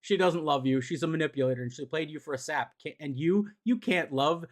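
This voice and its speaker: A scheming mad scientist villain, a middle-aged man who taunts in quick, sneering bursts, as a man puts him on. The voice sits high and runs fast. It sounds like a villain in a comic read aloud. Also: lightly acted. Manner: sneering, taunting, rapid-fire. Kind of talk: comic recap with voiced characters.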